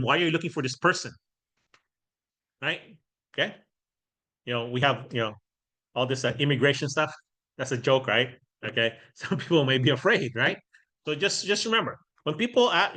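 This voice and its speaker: Bright-voiced man teaching a workshop. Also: fairly high pitch. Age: middle-aged. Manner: conversational, keeps checking in with "right?"; acts out sample doorstep lines. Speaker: real estate trainer.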